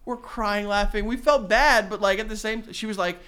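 A man co-hosting a podcast in casual chat, telling lively stories, acting out quotes and laughing often. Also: sits high, fairly quick, smooth. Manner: animated storyteller who acts out quotes and laughs often. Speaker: podcast co-host.

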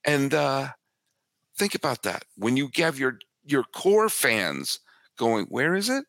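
A man guesting on a sports podcast, talking in an animated way and often repeating words as he builds his points. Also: mid-range voice, slow pace, vocal fry, dry recording, studio quality. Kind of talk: casual sports podcast chat.

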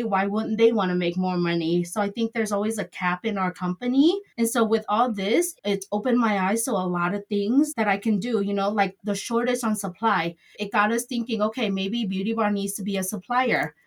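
A woman's voice: medium pitch, brisk, hardly any pauses. A middle-aged woman who owns a salon, answering interview questions in a chatty, rambling way with loose grammar. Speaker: salon owner.

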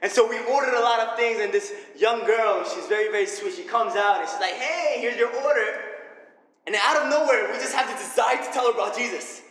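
A young man preaching a sermon full of personal stories, energetic and animated, laughing often. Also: high voice, quick pace, few pauses. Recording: echoey hall with faint ambience.

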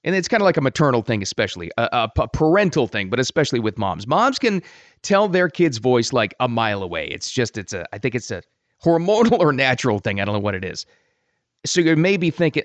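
A man hosting a podcast, talking casually and emphatically, often dropping low for weight. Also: sing-song, brisk, dry recording. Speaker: podcast host.

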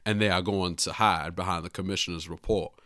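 Southern detective man put on by a podcaster, slow lowered drawl, sly, indignant, bright tone. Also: steady tone, dry recording, studio quality.

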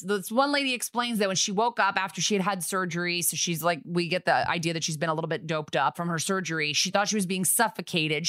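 A woman co-hosting a podcast, recapping a TV episode in casual chat with sarcastic, quick asides. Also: fairly low pitch, pushed and bright, dry recording, clean studio sound.

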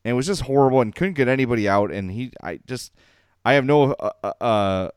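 A man's voice: mid-range voice, lively intonation, a little fast, clear, resonant tone, dry recording, clean studio sound. A man co-hosting a podcast in casual chat, rambling and self-deprecating, often laughing. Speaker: podcast co-host.

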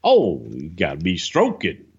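A man on a casual podcast, animated and swearing freely as he tells a story and slips into quick impressions. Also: husky, dull audio. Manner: animated, swears freely, jumps into high-pitched impressions and singing. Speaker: podcast co-host telling stories.

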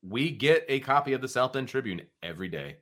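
A middle-aged man, once a high school football coach, co-hosts a casual sports talk show. His voice is bright and forceful, and his pitch swings widely as he makes his points. He leans on folksy, emphatic asides. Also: animated, fairly quick.

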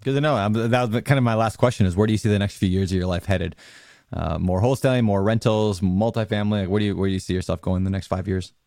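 A man's voice: fairly low pitch, steady tone, quick pace, a little mellow, dry recording, clean studio sound. A man co-hosting an interview show, asking questions in an upbeat, joking way. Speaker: podcast co-host. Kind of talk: casual interview chat.

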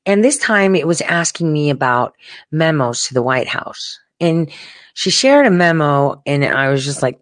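A low-pitched, sing-song voice carries this political commentator's rant, delivered at a measured pace with no room sound. Talking straight to her viewers, she gets heated and emphatic and swears freely in a casual, profane way.

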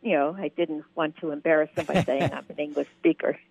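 A woman's voice: sits low, steady tone, fairly quick, gravelly, darkish tone, dry recording. A woman calling in to a radio show, chatting and telling a travel story. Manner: chatty, tells anecdotes with quoted voices. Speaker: caller. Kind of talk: phone-in storytelling. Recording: tinny phone line.

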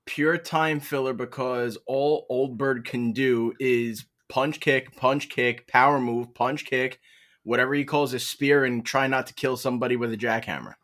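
A man's voice: medium pitch, steady tone, measured pace, fairly bright tone. A man in casual chat, bluntly mocking an aging wrestler. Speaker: wrestling podcast co-host.

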